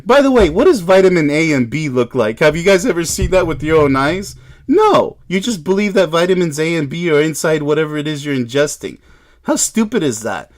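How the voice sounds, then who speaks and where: A man's voice: fairly high pitch, sing-song, brisk. A man giving a sarcastic, exasperated reaction commentary while reading an article aloud, with frequent incredulous exclamations. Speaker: relationship commentator.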